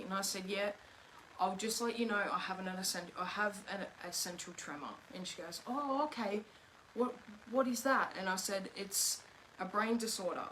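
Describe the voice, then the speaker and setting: Young woman, mid-pitched voice, earnest and emotional storytelling, faint room noise. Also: fairly bright tone, rough recording. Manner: earnest, emotional, retelling dialogue. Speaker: guest, host's daughter. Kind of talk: casual personal storytelling.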